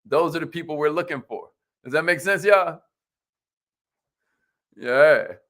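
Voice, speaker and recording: High-energy man hosting a live stream. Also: unhurried, a bit bright. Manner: hypes viewers, calls out commenters by name; repeats phrases, leads affirmations. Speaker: host of a live business stream.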